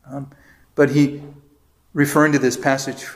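A man's voice: medium pitch, flat delivery, unhurried. A man with an American accent, a priest teaching a catechism class in a conversational lecture style, telling anecdotes and reading passages aloud. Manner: conversational, tells anecdotes with quoted voices, reads passages aloud.

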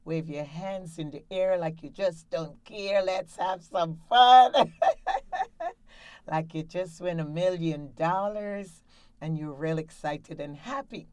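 A woman's voice: low-pitched, measured pace, darkish tone, no echo. A woman hosting a laughter exercise show from a studio, guiding breathing and cheering listeners on in an upbeat way. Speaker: laughter yoga coach and show host.

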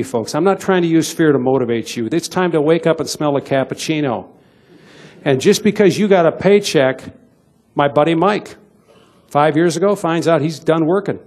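A man's voice: on the high side, darkish tone. An older man giving a folksy, emphatic business seminar talk to a live audience, checking in with "okay?" after his points. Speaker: motivational business speaker. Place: event hall with live audience.

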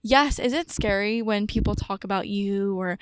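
A woman's voice: medium pitch, moderate pace, clear, resonant tone, no room sound. A young woman in her twenties hosting a podcast in casual, chatty talk, full of "like" and "um", often acting out her own past thoughts. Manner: chatty, peppered with "like" and "um". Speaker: podcast host. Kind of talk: casual chat.

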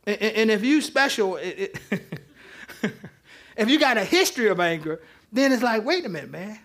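A pastor speaks at a normal speed in a high-pitched voice, delivering an interactive sermon at church. His manner is loose and conversational, with teasing of the congregation between points, and he keeps it informal as he presses his case.

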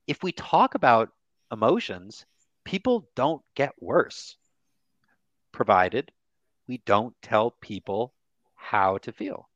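A lively man talks candidly as a grief therapist. He slips into quoted voices and swears casually. The sound is muffled and dry with no room echo. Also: medium pitch, slow pace, pauses often. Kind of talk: candid podcast conversation.

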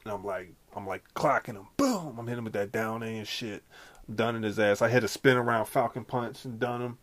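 A man's voice: fairly low pitch, fairly quick, a bit bright. A man hosting a casual comedy podcast, telling rambling, slangy, jokey stories. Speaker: podcast host.

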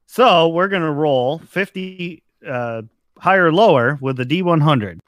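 Male game master, slow steady pacing, slightly high voice, dry close sound. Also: dry recording. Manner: measured, drawn-out narration. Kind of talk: narrating a tabletop game.

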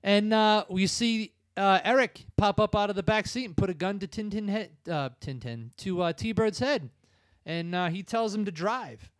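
A man hosting a podcast, retelling film scenes casually with quick impressions. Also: high-pitched, dry recording. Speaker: podcast host. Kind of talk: casual chat.

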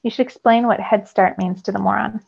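Woman reading a smug teen bully, smirky and taunting, gravelly tone, storybook read-aloud, dull recording. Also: mid-range voice, fairly even intonation, a little fast, a little mellow. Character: smug mocking teenage boy, a bully.

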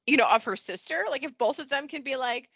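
A woman co-hosting a podcast in casual chat, animated and laughing, acting out characters' lines. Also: high voice, fast, vocal fry, breathy edge, dry recording. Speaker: podcast co-host. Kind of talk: casual chat recapping a soap opera.

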